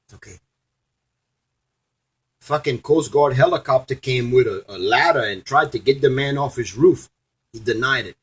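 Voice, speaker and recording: A man's voice: medium pitch, normal speed, a bit bright, husky, low-quality recording. A man delivering an angry, profane, preachy rant to his audience as a vlogger. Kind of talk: angry ranting monologue.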